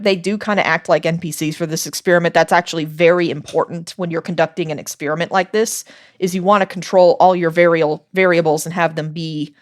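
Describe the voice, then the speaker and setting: A woman sits in as podcast host, walking through details in easy, relaxed chat. Her voice sits fairly low, and she breaks into laughter often between explanations.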